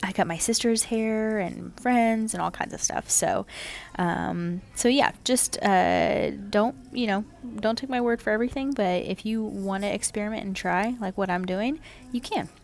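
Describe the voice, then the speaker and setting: A woman casually narrating her home haircut video, chatty and relaxed, with lots of "um"s and "kinda"s. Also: mid-range voice, unhurried, gravelly.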